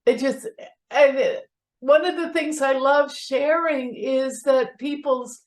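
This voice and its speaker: A woman's voice: high-pitched, fairly even intonation, takes it slowly, darkish tone. A woman sharing in an online group, rambling and searching for words. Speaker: participant. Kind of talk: personal share.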